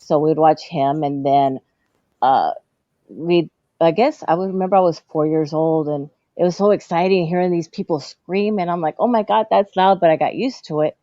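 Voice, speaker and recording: A woman tells long childhood stories in a loose, chatty way. She often acts out the people in them in a higher voice. The sound is dry and a bit dull. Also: moderate pace, warm tone, no echo. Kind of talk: casual storytelling chat.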